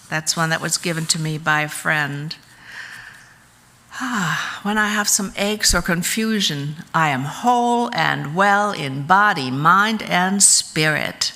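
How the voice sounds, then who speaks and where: A woman giving a calm, measured teaching talk at a church service, explaining spiritual practices in an unhurried way. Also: deep voice, creaky. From United States.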